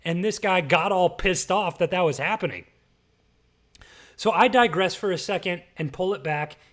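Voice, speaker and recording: A man's voice: high voice, normal speed, a bit bright. A man hosting a podcast, delivering an emphatic, lecturing rant in casual commentary style. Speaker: podcast host.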